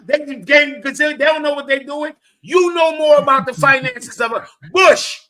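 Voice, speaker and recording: Brash American panelist, high bright voice, mocking and profane. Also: male voice, moderate pace, hardly any pauses. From United States. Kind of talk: casual chat.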